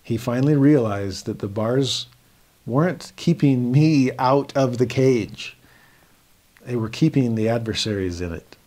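A man at a medium pitch teaches a scripture lesson. He explains earnestly and patiently, and his voice lifts when he acts out quoted students. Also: darkish tone. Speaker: religion teacher.

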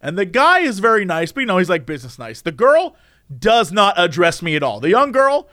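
Young man, casual podcast co-host; high, sing-song storyteller who jumps into shrill shouted impressions. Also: fairly quick, dry recording, studio quality. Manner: animated, acts out people in shrill shouts.

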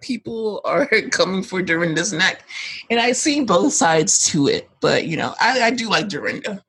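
A young woman co-hosting a podcast, chatting casually, laughing often and throwing in quick asides. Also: fairly low pitch, animated, fairly bright tone, slightly rough, rough recording. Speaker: podcast co-host. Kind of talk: casual chat.

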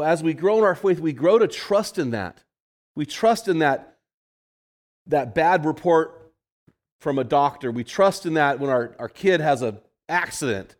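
A man in his fifties, a pastor telling a story in a conversational sermon to a men's group, repeating phrases for emphasis. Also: fairly high pitch.

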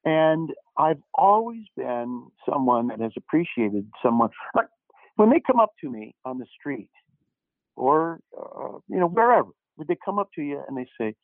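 A man's voice: fairly high pitch, moderate pace, no echo. Older man telling stories down a tinny line. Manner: animated storyteller who acts out quoted dialogue, with frequent restarts. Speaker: actor guest. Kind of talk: anecdotal interview storytelling. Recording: dry, tinny phone-like line.

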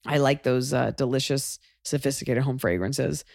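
A woman's voice: rumbling low, fairly even intonation, normal speed, gravelly, darkish tone, dry recording, studio quality. A woman from Texas hosting a podcast, chatting casually and acting out voices in her stories. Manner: chatty, acts out voices in anecdotes. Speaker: podcast host. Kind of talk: casual chat.

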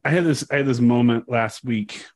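A man in a dry, close-miked podcast recording tells a long story in a relaxed, rambling way. His pitch sits in the middle for a man, and he jumps into quick impressions of the people he met. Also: no room sound. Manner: rambling, animated retelling with quoted voices and laughs. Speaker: podcast co-host. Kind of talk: casual storytelling chat.

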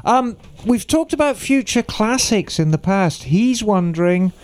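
A man's voice: high voice, animated, measured pace, a little mellow, clear, resonant tone. A man co-hosting a motorcycle podcast, chatting casually and reading listener emails aloud with wry asides. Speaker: podcast co-host. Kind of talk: casual chat.

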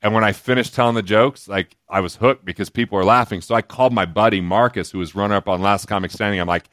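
A man from Utah tells stories as a podcast guest, animated and joking, slipping into quick asides. His voice sits a little low. The sound is close and dry. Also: dry recording. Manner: animated, jokey, quoting others in quick asides. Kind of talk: casual storytelling.

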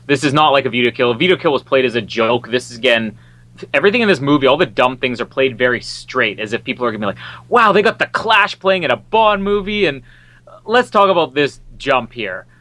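A man in a casual film chat with a bright, forceful voice and a lively pitch. He talks in a wry, opinionated way. The sound is dry and close. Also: fast, dry recording. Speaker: podcast co-host.

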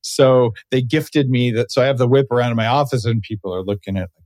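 A man's voice: medium pitch, fast, darkish tone, dry recording. Earnest male podcast host, dry sound. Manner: earnest, enthusiastic and affirming. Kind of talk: casual interview chat.

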